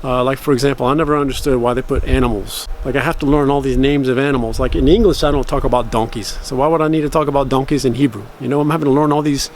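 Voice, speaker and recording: Over slight background noise, a man with a mid-range voice and fairly even intonation chats to camera about learning a language. He explains at length, corrects himself as he goes, and carefully practices phrases at a slow pace.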